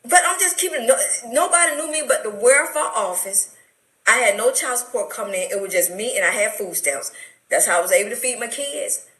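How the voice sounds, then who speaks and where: On a radio talk show, a middle-aged guest with a Southern US Atlanta accent recounts her life story as testimony, full of emotional, preacherly fervor. Her voice is on the high side, animated, brisk, and a bit bright, in an echoey room and a low-quality recording.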